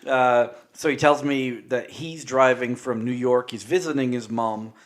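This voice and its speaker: A man from Canada, a podcast guest, telling a road-trip story in casual chat, animated and laughing often as he acts out the people in it. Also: mid-range voice, a little slow.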